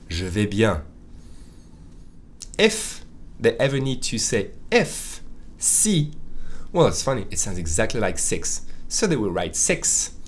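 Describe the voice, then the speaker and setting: Guy teaching a lesson in english, lowish voice, bouncy delivery, opinionated little asides. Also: slight background noise. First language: French. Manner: wry, opinionated, lively asides. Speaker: French teacher. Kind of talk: online language lesson.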